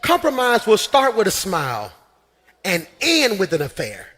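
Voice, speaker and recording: A man preaching a sermon as pastor in a church, shouting and swinging into sing-song runs. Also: high voice, wildly swooping pitch, unhurried, slight background noise. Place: church sanctuary.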